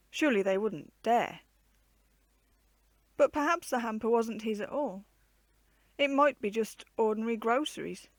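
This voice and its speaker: A woman reading a children's storybook aloud with an expressive, varied storytelling delivery. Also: medium pitch, no echo.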